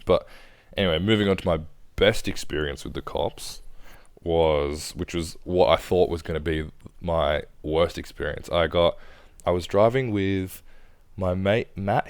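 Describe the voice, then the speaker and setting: A man's voice: low voice, normal speed, clear, resonant tone, no room sound. A young Australian man telling stories in a casual podcast chat, laid-back and swearing often. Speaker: podcast co-host.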